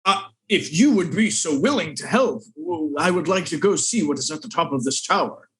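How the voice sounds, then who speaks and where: A man voices his character at a tabletop game. His speech is formal and a little theatrical. His voice sits somewhat high for a man. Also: animated, normal speed, fairly bright tone, husky. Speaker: player. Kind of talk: in-character tabletop role-play.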